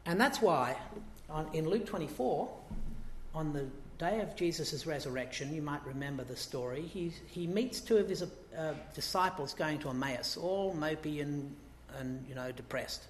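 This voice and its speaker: A man's voice: a little high, expressive, normal speed, roomy sound, a little hiss or hum. A man preaching a sermon in a conversational way, asking the congregation rhetorical questions and acting out quotes.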